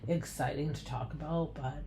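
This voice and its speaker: A woman's voice: low voice, steady tone, normal speed, noisy background. A woman hosting a podcast, recapping reality TV in a chatty, blunt way with many fillers and some swearing. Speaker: podcast host.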